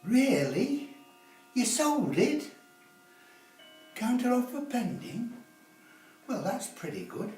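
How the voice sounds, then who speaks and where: A man's voice: extremely high pitch, sing-song, slow, pauses often, a little mellow, soft background music. A man teaching a sales class, lecturing with teasing rhetorical tag questions. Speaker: sales instructor. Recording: roomy, from a distance.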